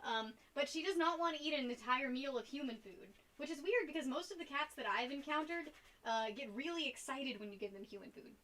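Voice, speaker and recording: A woman's voice: sits high, animated, brisk, a bit bright. A young woman chatting casually on a live stream while she paints, rambling and giggling between topics. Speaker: art streamer.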